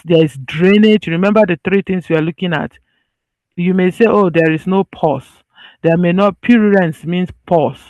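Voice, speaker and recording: With a high-pitched, slightly mellow voice and no room sound, a man teaches medicine over slides. His phrasing is casual and loose, with restarts, and he repeats ideas so they sink in.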